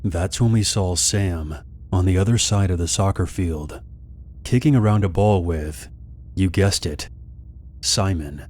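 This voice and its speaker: In a scripted, scary-story-channel style, a man reads a horror story aloud a little slowly. His voice is low and deep, his delivery calm and steady.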